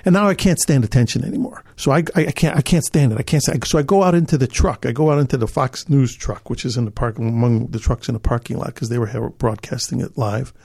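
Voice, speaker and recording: An older man from Chicago, a podcast guest telling an animated story, acting out other people's lines and laughing as he goes. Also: medium pitch, fast talker, gravelly, hardly any pauses, slightly rough, no room sound, clean studio sound. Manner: acts out other people's lines, repeats himself, laughs as he talks.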